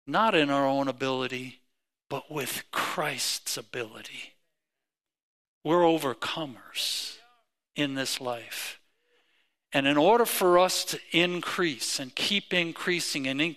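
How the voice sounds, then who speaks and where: Male pastor, middle-aged, high, bright voice, slow deliberate delivery, emphatic sermon style. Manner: emphatic preaching with rising pitch and repeated phrases.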